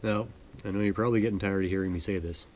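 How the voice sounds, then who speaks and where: A man from Manitoba, Canada, chatting in a relaxed, rambling, self-deprecating way as host of his sewing vlog. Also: low-pitched, racing, a little hiss or hum. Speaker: sewing vlogger. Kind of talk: relaxed casual chat.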